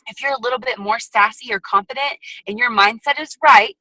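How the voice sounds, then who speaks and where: Woman guest trainer, bright and forceful, sassy motivational delivery, dry video-call sound. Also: fairly high pitch, fairly quick, no room sound, low-quality recording. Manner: lively, sassy and chatty, with frequent asides. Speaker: guest speaker at a sales team training.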